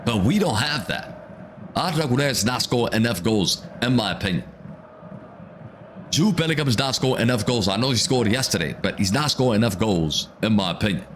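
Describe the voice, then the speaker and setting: Brief: male streamer, lowish voice, fired-up football reactions, repeats lines for emphasis. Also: fairly quick, a little hiss or hum. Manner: excitable, ranting, repeats himself. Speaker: watch-along streamer. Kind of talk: live football reaction commentary.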